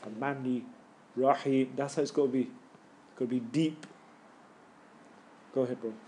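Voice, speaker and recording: A man's voice: mid-range voice, steady tone, moderate pace, warm tone, slight background noise. A middle-aged man, casually coaching students on recitation in a class and demonstrating the sounds himself. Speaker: Quran recitation teacher. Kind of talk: live tajweed class coaching.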